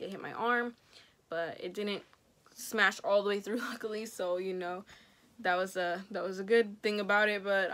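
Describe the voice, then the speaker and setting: Rambling young woman telling a story. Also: mid-range voice. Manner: rambling, heavy use of "like"; quiet and subdued in stretches. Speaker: vlogger. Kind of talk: casual storytime.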